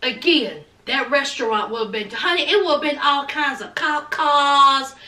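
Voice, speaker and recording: A woman's voice: high voice, moderate pace, sharp tone, echoey room, recorded from a distance. A woman recapping a reality TV episode in a sassy, dramatic, scolding way, full of slang. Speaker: TV recap vlogger.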